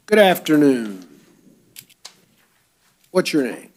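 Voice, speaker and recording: Brisk judge with dry wit, man. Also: a little high, sing-song. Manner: brisk procedural reading, dry wisecracks. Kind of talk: court bond hearing. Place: courtroom.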